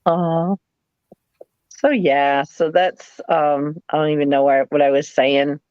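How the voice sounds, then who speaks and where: A middle-aged woman with a New England accent, hosting a live sale and chatting in a rambling, animated way with playful put-on voices. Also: deep voice, slow pace, clear, resonant tone, no room sound, muffled recording. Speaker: live sale host, former nurse. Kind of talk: casual chat.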